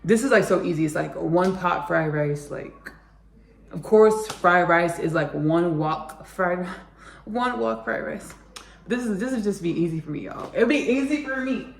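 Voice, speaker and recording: Casual home-cooking host: woman, gravelly fry, chatty and rambling, recorded on a counter camera in an echoey kitchen. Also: on the low side, a little slow, far from the mic, a little hiss or hum. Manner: chatty and rambling, often says "y'all" to viewers. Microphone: camera set up on the counter. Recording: echoey kitchen, faint clicks.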